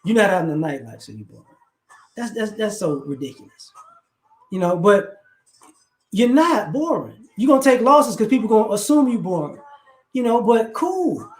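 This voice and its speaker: A man hosting a casual livestream, giving advice in a lively monologue and acting out both sides of conversations. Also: high voice, normal speed, long pauses, echoey room.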